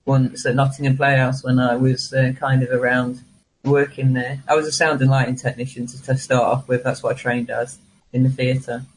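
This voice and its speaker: A man's voice: medium pitch, little pitch movement, moderate pace, a little hiss or hum, poor audio. A man, a guest chatting casually and animatedly on a live stream, often restarting his sentences. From England.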